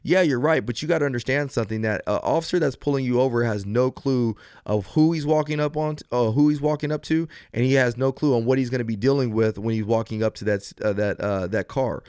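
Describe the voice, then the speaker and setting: A man's voice: medium pitch, fast talker, few pauses, a little mellow, smooth, no room sound, clean studio sound. A man, a police officer hosting a podcast on his own, explaining step by step in an earnest manner with frequent restarts and fillers. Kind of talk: solo podcast advice talk.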